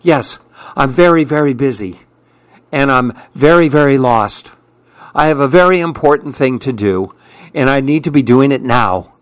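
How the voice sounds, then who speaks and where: A man's voice: mid-range voice, animated, a bit bright, no room sound. A fussy, self-important pigeon who huffs through every line in a hurry, as a man reads him aloud. The storybook voice sounds close and dry, with no room around it. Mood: huffy, rushed. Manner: huffy and hurried. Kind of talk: storybook character reading.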